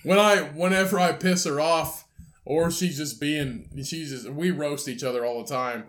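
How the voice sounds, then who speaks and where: A young man co-hosting a podcast, talking in crude, loud, teasing banter with plenty of swearing. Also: fairly high pitch, moderate pace. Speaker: podcast co-host.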